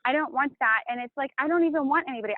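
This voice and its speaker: A woman's voice: high-pitched, racing, no room sound. A woman talking emotionally and casually, swearing and rambling about a painful breakup. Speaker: channel host. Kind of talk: emotional confessional chat. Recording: tinny phone-like line, dry.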